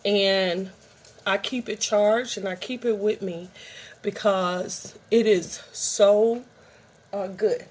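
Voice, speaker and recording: A woman's voice: medium pitch, fairly even intonation, slow pace, slightly rough. A middle-aged woman vlogger in a rambling, chatty show-and-tell, talking straight to her viewers. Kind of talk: casual show-and-tell vlog.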